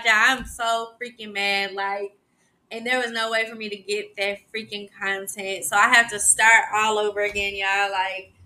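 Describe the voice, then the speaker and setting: A young adult woman hosting a casual solo podcast, talking in a chatty, expressive way with sighs and laughs. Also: mid-range voice, normal speed. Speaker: podcast host.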